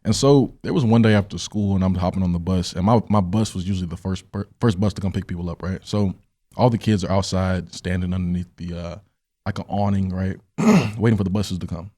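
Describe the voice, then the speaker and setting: A young man hosts a podcast in casual chat with a low, mellow voice. He talks fast and tells stories with animation, often tossing in "right?" to check in with his listener. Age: young adult. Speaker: podcast host.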